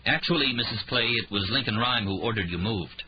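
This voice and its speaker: A man's voice: on the low side, a little fast, highs cut off, background noise, voice pushed up, lightly acted. A man narrator voicing a polite, firm male police officer.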